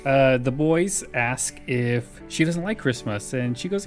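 A man talks casually, recapping a sitcom episode with frequent laughter in his voice. His pitch sits in an ordinary middle range. Faint music plays under the conversation. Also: lively intonation, measured pace, few pauses. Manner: laughs often while retelling scenes. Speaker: podcast host recapping a sitcom. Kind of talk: casual chat.

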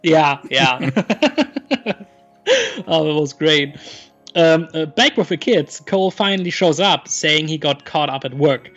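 A man's voice: fairly high pitch, unhurried, a bit bright, muffled recording, soft background music. A man co-hosting a podcast, eagerly retelling a sitcom episode with plenty of laughter. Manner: enthusiastic, laughs often, puts on voices for quotes. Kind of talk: casual chat.

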